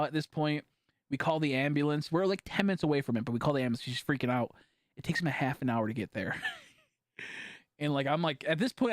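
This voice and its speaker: A man streaming a game, telling a long story in a rambling, profane way full of fillers, swinging between hushed and loud. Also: fairly high pitch, no echo, clean studio sound. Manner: animated, jumping from hushed to loud. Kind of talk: casual storytelling while gaming.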